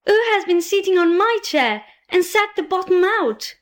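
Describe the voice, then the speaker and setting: Tiny squeaky storybook bear cub, tearful and cross, very high, voiced by a woman. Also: expressive, moderate pace. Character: small weepy angry male bear cub.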